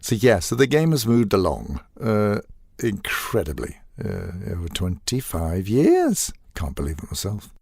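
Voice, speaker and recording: An older man, a voice actor guest telling animated stories in a casual interview and acting out quoted lines. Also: fairly low pitch, measured pace, vocal fry, few pauses, husky, no echo, clean studio sound. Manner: animated storyteller, acts out quoted lines, laughs often.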